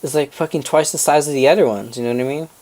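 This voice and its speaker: A man's voice: a little high, fast talker. A young man on a casual podcast, telling a family story with lots of swearing and laughter and acting out relatives' voices. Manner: animated, acts out family members' voices, swears freely, laughs mid-story. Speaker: podcast co-host.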